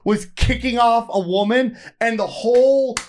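A man's voice: extremely high pitch, a little slow, slight background noise. Blunt ranting man. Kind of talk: casual opinionated chat.

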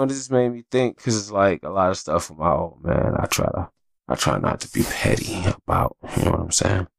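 A man's voice: low voice, creaky, dry recording. A man hosting a casual solo podcast, talking candidly and with plenty of swearing as he rambles through stories. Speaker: podcast host.

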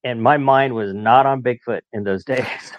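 A man's voice: mid-range voice, moderate pace, dry recording. A man in his late forties, a podcast guest telling stories in a chatty way and laughing as he talks. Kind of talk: casual storytelling. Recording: dull muffled dry sound.

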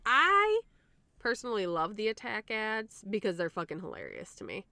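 A woman from Michigan co-hosting a podcast in casual chat, blunt and quick to laugh and swear. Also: medium pitch, wildly swooping pitch, gravelly, bright, forceful tone, no room sound. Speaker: podcast co-host.

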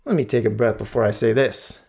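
A man's voice: mid-range voice, fairly quick, darkish tone, breathy edge. A man hosting a solo sports podcast, talking animatedly, repeating lines for emphasis and slipping into mock voices. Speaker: podcast host.

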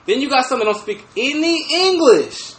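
A man telling a story on a casual podcast, animated and profane, often laughing as he talks. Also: very high voice, moderate pace, reverberant. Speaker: podcast host. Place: room with fireplace.

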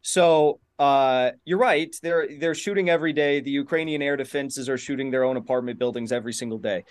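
A man's voice: mid-range voice, fairly quick, clean tone. A man debating over a video call, combative and dismissive, talking over interruptions. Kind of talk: heated online debate.

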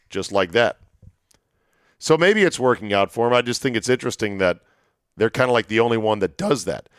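A man hosts a solo talk segment, spinning anecdotes with wry asides in a medium-pitched voice. His voice is wearing thin and a little hoarse. The sound is close and dry, with no room around it. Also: fairly bright tone, no echo. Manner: chatty, storytelling, wry asides. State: voice going hoarse. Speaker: sports radio host. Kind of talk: solo monologue, casual chat.

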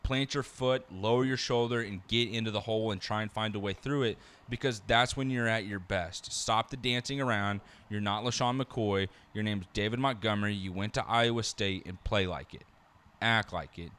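Fast-talking bright-voiced man making picks. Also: on the low side, clean tone. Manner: fast-talking, teasing banter. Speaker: podcast co-host making game picks. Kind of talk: casual sports-betting chat.

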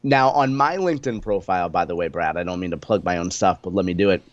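Middle-aged male co-host, lowish voice, dry studio mic, wry and sarcastic. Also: fast talker, no room sound, lo-fi sound. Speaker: radio co-host and columnist. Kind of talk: casual radio banter.

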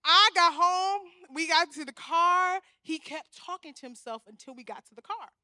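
A woman in her thirties giving an animated, humorous storytelling sermon in a church, speaking straight to the congregation. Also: very high-pitched, normal speed, no echo, clean studio sound. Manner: animated, humorous, talks to the crowd as "y'all".

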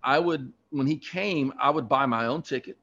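A middle-aged man, a podcast guest, telling rambling, animated anecdotes in casual chat. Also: mid-range voice, moderate pace. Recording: dull lo-fi sound.

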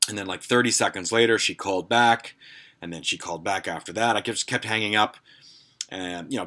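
A man's voice: fairly low pitch, bright, forceful tone. A man hosting a podcast, telling a story in a rambling, profane way with lots of fillers. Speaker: podcast host. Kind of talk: casual storytelling.

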